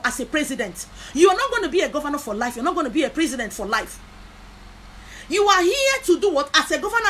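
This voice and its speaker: Impassioned high-voiced woman preaching live. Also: a bit bright, a little hiss or hum, rough recording. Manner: rhetorical questions, impassioned; repeats words and phrases. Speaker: spiritual teacher. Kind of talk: live video talk.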